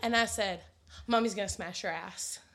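A woman's voice: medium pitch, normal speed, a bit bright. Mom co-host in her thirties; blunt, giggly storyteller with a potty mouth. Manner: laughing, blunt, swears freely. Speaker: podcast co-host, mother. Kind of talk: casual storytelling chat.

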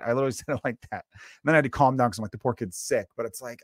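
A man in his thirties hosting a solo comedy podcast, ranting in a casual, animated way, dropping swear words. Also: medium pitch, rapid-fire, no room sound, studio quality. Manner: conversational and animated, swearing, acting out quotes. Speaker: podcast host.

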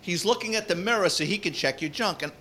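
A man, a retired police officer co-hosting a podcast, telling animated anecdotes and acting out the people he quotes. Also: sits high, quick pace, a little hiss or hum. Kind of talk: casual storytelling chat.

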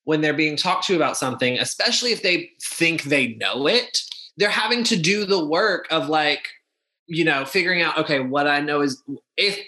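Bright-voiced, impassioned man talking fast. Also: fairly high pitch, lively intonation. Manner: impassioned, fast-talking with frequent restarts and fillers. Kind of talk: casual discussion.

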